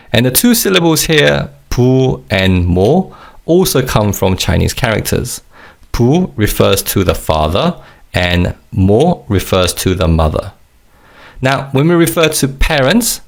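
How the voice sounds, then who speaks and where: Man, low voice, gravelly, lively intonation, patient teacher, repeat-after-me drills. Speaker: language teacher. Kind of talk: recorded language lesson.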